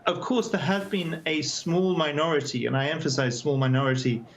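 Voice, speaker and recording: A man giving a remote news interview as the chair of an advocacy group, speaking over a video call in a measured, earnest way with frequent hesitations. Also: on the high side, fairly bright tone.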